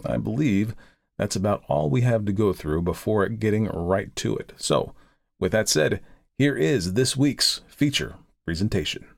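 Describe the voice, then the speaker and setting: Low-voiced man hosting a story podcast. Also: expressive, gravelly, no echo, clean studio sound. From United States. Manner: chatty, upbeat intro; lower, measured reading of the story. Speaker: podcast host and narrator. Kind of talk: podcast intro and classic story reading.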